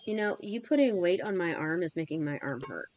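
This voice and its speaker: A woman's voice: lowish voice, animated, brisk, a little mellow, slight background noise. A woman in her thirties chatting casually and rambling with fillers while streaming a game. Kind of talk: casual chat while gaming.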